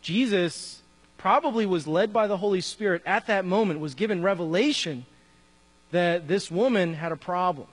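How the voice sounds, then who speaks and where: A man's voice: sits high, normal speed, slightly rough. Man preaching a sermon in a reverberant hall. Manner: conversational, acts out dialogue. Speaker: pastor. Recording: reverberant hall with mains hum.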